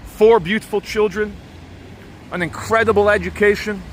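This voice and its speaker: A man's voice: high voice, fairly even intonation, moderate pace. A man from Brazil with a British upbringing, chatting casually and opinionatedly while walking through a town. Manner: chatty, rambling, opinionated, self-correcting. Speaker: vlogger. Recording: outdoor street noise.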